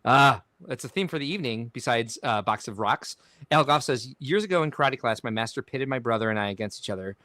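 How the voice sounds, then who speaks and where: Lively male podcast host reading comments. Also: medium pitch, a little fast, no echo, clean studio sound. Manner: animated, chuckles while reading comments aloud. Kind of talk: casual livestream chat reading viewer comments.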